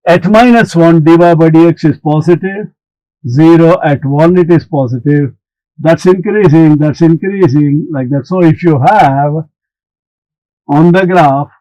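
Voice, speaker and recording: A male maths teacher works through a problem slowly and deliberately, taking his time over each step. His voice sits a little high for a man. The sound is dry and close, with no room echo. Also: warm tone. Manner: slow, deliberate explaining, talks back to imagined students. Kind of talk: recorded maths lesson.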